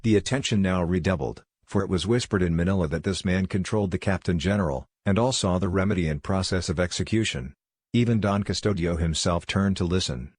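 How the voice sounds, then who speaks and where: Male audiobook narrator, steady and measured, low voice, dry close mic. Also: husky, no room sound.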